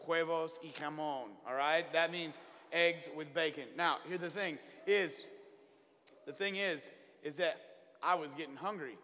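Male preacher, comic testimony storyteller, bright and pushy tone, big reverberant church sound. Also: fairly high pitch, unhurried, a little hiss or hum. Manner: animated storytelling, acts out his own prayers. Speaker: traveling children's minister. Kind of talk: comedic testimony sermon. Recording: long hall reverb.

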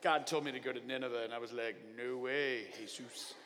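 A man's voice: mid-range voice, fairly even intonation, brisk, bright, forceful tone, big-room sound, voice pushed down, lightly acted. Jonah, a man doing a sullen mumbling prophet. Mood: sulky. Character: sulky reluctant prophet Jonah, adult man.

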